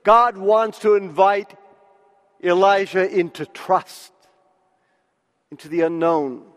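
Male preacher, sermon, high voice for a man, long echoing reverb. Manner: slow, deliberate, with emphatic pauses.

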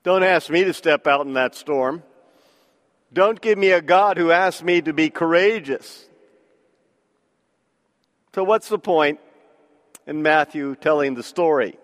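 Male preacher, sermon, high voice for a man, long echoing reverb. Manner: slow, deliberate, with emphatic pauses.

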